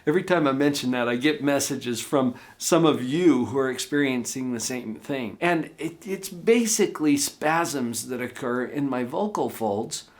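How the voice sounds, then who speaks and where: A man's voice: mid-range voice, lively intonation, moderate pace, few pauses. A middle-aged man hosting a self-improvement channel, giving an earnest, emphatic motivational talk to camera, his voice at times strained and strangled. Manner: earnest, emphatic, asks listeners questions.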